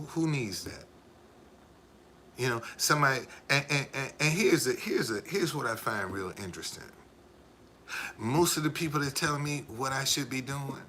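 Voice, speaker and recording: A man's voice: medium pitch, sharp tone, a little hiss or hum. A man live streaming in a casual, rambling way, repeating himself and talking straight to his viewers. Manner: repetitive, emphatic, addresses viewers directly.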